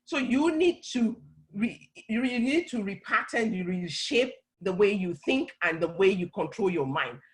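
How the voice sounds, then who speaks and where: A woman's voice: mid-range voice, animated, measured pace, rough recording. A middle-aged woman speaking on a church talk panel, earnestly explaining and often restarting her phrases. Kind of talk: conversational teaching talk.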